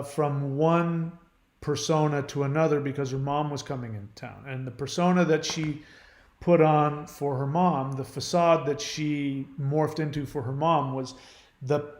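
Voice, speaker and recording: A man talking earnestly and emphatically about a past relationship, pausing and restarting as he goes. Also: on the high side, darkish tone, roomy sound. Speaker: channel host. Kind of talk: personal monologue.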